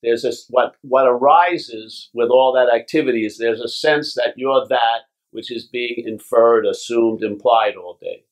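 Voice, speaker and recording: A spiritual teacher from Long Island, New York, speaks to a retreat gathering and reads passages aloud, his manner casual and blunt with occasional swearing and frequent checks of "yeah?" to keep the room with him. His voice is an ordinary middle pitch for a man, with a steady tone. He speaks unhurriedly and barely pauses.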